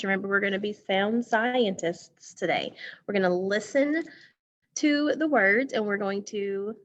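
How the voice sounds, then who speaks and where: A woman's voice: medium pitch, fairly bright tone, lo-fi sound. A woman teacher giving an online phonics lesson from a school music room, patiently repeating words and asking questions.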